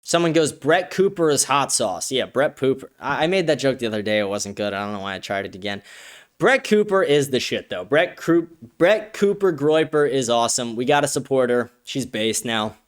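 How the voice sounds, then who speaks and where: A man's voice: medium pitch, lively intonation, a little fast. A man hosting a livestream, reading viewer comments and answering them in a blunt, profane, offhand way. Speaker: show host.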